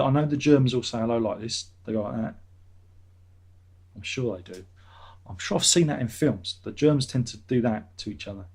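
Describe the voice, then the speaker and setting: A vlogger hosting his own channel rambles casually and swears without a second thought. His voice is medium-pitched, husky, and a little mellow.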